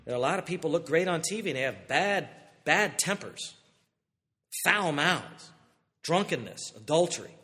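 A man preaches a sermon in a high, lively voice, a long hall reverb trailing behind him. He swings from loud, rising calls down to quiet, low passages, sometimes drifting off the mic. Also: moderate pace. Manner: animated preaching with sudden loud rises and hushed drops. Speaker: pastor.

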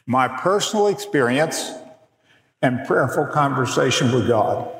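A middle-aged man with a fairly high voice teaches a class, lingering on words with slow, deliberate emphasis. His voice rings through a large hall with a long, roomy reverb. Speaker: biblical counseling teacher. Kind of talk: teaching a workshop session with slides.

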